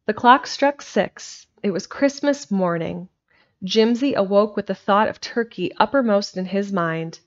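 A woman's voice: medium pitch, a little slow. Woman reading an old storybook aloud. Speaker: narrator. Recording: dull lo-fi home recording.

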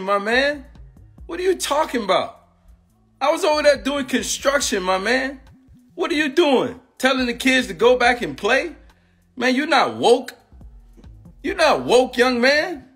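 Agitated man ranting, high bright voice. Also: breathy edge. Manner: agitated, repetitive, confrontational. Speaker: former football player and coach. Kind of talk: heated rant on a live stream.

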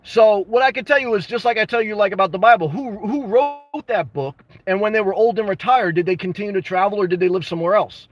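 A man hosting a casual livestream, answering viewer comments with blunt, jokey advice and bursts of excitement. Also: sits high, fast talker, hardly any pauses. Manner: reads and responds to viewer comments. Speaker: livestream host answering chat.

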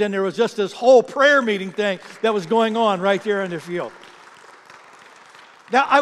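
A man preaching a sermon as pastor, conversational, often repeating words and swinging between loud emphasis and quiet asides. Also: sits high, in a large hall. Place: church sanctuary.

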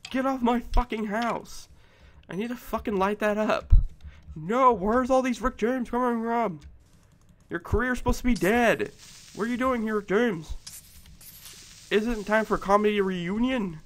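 A man giving let's play commentary, excitable and profane, shouting at game monsters. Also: sits high, a little slow, pauses often. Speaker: gameplay commentator.

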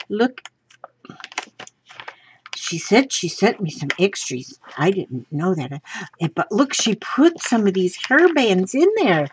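A woman chatting to viewers from her home craft room, gushing and excitable as she shows craft supplies. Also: on the low side, slight background noise. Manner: gushing and excitable, talks to viewers while handling items. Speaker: craft vlogger. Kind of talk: casual unboxing chat. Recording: slightly dull lo-fi sound.

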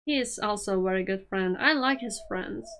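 A woman's voice: mid-range voice, moderate pace, a bit bright. A woman hosting an anime reaction, talking casually and emotionally to the screen and laughing often.

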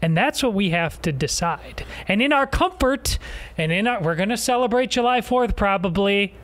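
High-voiced man, deliberate pastor guest. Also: lively intonation, fairly bright tone. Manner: deliberate, preacherly, rhetorical questions. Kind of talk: talk show discussion.

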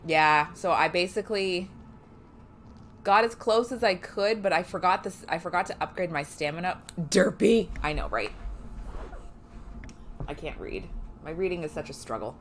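A woman's voice: fairly low pitch, expressive, moderate pace, pauses often, fairly bright tone, slight background noise. A woman chatting casually and swearing freely while streaming a game, often poking fun at herself. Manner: chatty, profane and self-mocking. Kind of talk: casual live gameplay chat.

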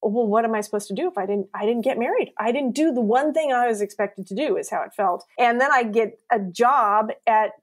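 A woman's voice: on the high side, brisk, hardly any pauses, slightly rough. A woman writer, a podcast guest, telling personal stories in a casual interview, laughing often and acting out what people said. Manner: animated, laughs often, acts out quoted lines.

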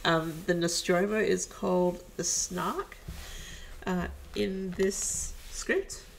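A woman reading a film script aloud, with low-key, chuckling asides. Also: fairly even intonation, takes it slowly, vocal fry, a little hiss or hum, rough recording.

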